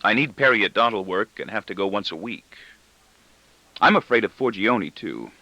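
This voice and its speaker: A man's voice: fairly low pitch, expressive, moderate pace, sharp tone, dry recording. A man narrating an audiobook in a wry, brooding first-person reading. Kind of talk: scripted narration. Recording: dull dry lo-fi recording.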